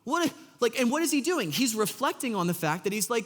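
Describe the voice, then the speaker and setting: In a church hall, a pastor with a very high voice preaches a casual, joking sermon at a brisk pace, the large space audible around him. He is animated, acting out scripture characters and delivering Jesus's lines in an exasperated voice, with plenty of fillers.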